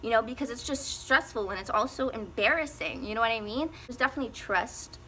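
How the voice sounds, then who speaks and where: A woman's voice: on the high side, a little fast, pushed and bright, a little hiss or hum. A teenage girl telling a casual storytime, rambling with lots of fillers and frequent laughs. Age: teens. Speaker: vlogger.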